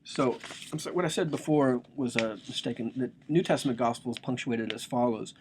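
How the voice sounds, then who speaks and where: A man's voice: mid-range voice, a little fast, few pauses, darkish tone, a little hiss or hum. A man giving a casual, joking lecture on a religious text, explaining it with slang and asides.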